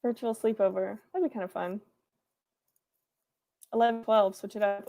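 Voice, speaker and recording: A woman's voice: mid-range voice, level tone, quick pace, vocal fry, warm tone. A young woman hosting a writing livestream from her room, chatting casually and playfully as she reads out chat comments. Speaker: livestream host.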